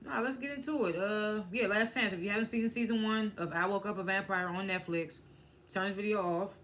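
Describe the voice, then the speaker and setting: A woman talking through a TV season in a loose, chatty way, with plenty of stumbles and restarts. She breaks into laughter while recounting scenes, and her voice sits at an ordinary middle pitch for a woman. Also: fairly quick, a bit bright, slight background noise. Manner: fumbling, restarts words often; laughs often while retelling. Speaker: TV show reviewer. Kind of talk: casual spoiler recap and review.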